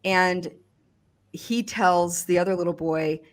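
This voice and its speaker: A woman recounting a personal experience in conversation, speaking haltingly with frequent restarts and fillers. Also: fairly low pitch, fairly even intonation. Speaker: survivor giving testimony.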